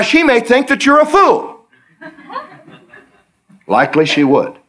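A middle-aged preacher man delivering a sermon with a fairly high, very lively voice that leaps up on every question. He tells homespun stories and plays out conversations with the Lord. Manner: storytelling, acts out dialogues with the Lord, pitch swooping high on questions.

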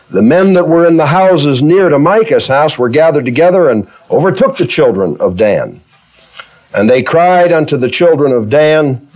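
A man preaches a sermon, reading scripture and voicing its figures in everyday speech. He moves between hushed, low passages and loud, high exclamations.

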